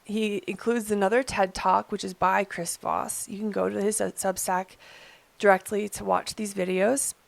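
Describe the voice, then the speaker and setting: Woman host talking to camera, calm and earnest, lots of vocal fry, dry close sound. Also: mid-range voice, no echo. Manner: calm, earnest, measured explaining. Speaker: channel host. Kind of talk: explainer video talk.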